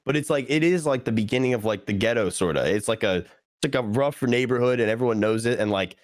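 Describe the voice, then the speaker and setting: A young man and podcast guest in casual chat, telling a story with lively impressions of the people in it. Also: medium pitch, fast talker, dry recording, clean studio sound. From Philadelphia area, USA. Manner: animated storyteller who acts out quoted people.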